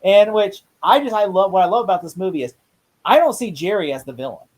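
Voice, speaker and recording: Excitable rambling podcast host. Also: mid-range voice, quick pace. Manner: excited, rambling retelling with frequent laughs. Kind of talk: casual movie review chat.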